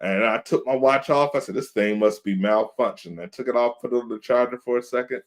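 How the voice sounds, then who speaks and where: A man's voice: mid-range voice, quick pace. A man in his thirties, co-hosting a podcast in casual chat, telling laid-back stories and acting out quotes. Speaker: podcast co-host. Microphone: video call.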